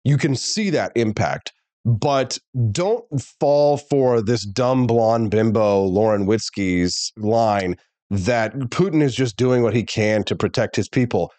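A male talk show host delivering an animated, opinionated monologue straight to viewers. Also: on the low side, slow pace, no room sound.

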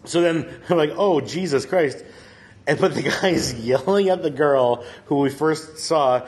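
A man's voice: on the high side, a little slow. A man telling a rambling story to friends in casual chat, laughing often and filling with "like". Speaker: storyteller on a comedy podcast.

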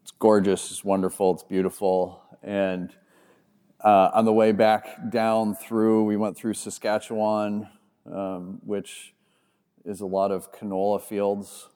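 Man, pastor, very low voice, earnest sermon podcast, conversational. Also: steady tone, unhurried, warm tone, clear, resonant tone. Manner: earnest, conversational with restarts when preaching. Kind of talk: sermon podcast, scripture reading and preaching.

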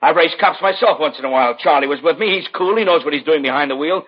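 A man's voice: on the high side, quick pace, breathy edge. An actor playing a brash, defensive father who demands answers and talks over everyone, in an old radio drama. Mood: belligerent. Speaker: angry father of an injured teen. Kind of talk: 1950s radio drama acting. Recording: dull old radio broadcast.

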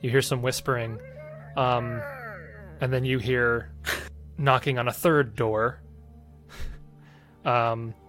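A man's voice: mid-range voice, takes it slowly, pauses often, faint music behind. Man running a tabletop game. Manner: relaxed, hesitant narration with fillers. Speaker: game master.

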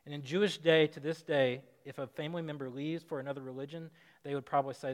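A man's voice: mid-range voice, fast talker, fairly bright tone. A man preaching a conversational sermon, acting out quotes with rising emphasis. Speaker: pastor. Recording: long hall reverb.

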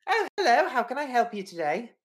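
A man's voice: very high voice, sing-song, fairly quick, a bit bright, pitched above the performer's own voice, heavily acted. A man voicing a chirpy young female receptionist who speaks in an overly cheerful, sing-song way.

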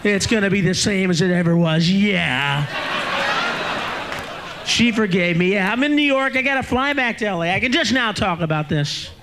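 A male stand-up comedian telling a profane story, breaking into shouted rants. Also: sits high, lively intonation, normal speed, noisy background. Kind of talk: stand-up routine. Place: comedy club stage. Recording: live club recording with audience laughter.

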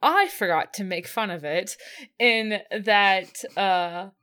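A woman's voice: mid-range voice, takes it slowly, sharp tone, clean tone. A woman co-hosting a casual podcast who laughs often, gushes and stumbles over her words. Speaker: podcast co-host. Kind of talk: casual chat, episode recap.

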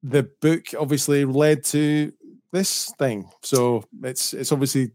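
A man's voice: medium pitch, steady tone, slow, a little mellow, no echo. A Scottish man, a guest author, chatting casually and modestly on a podcast, laughing easily. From Scotland.

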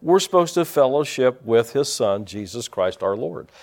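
A man's voice: medium pitch, sing-song, normal speed, a little mellow. A man preaching a sermon to his congregation in church, folksy and rambling, breaking off for asides to people in the pews. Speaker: pastor.

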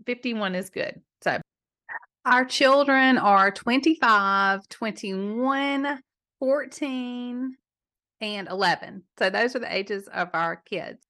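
Hosting a laid-back advice show, a Southern US woman in her fifties fields listener questions in an emphatic, chatty style, laughing easily. She speaks slowly in a fairly high voice that is bright and forceful, though a little hoarse today.

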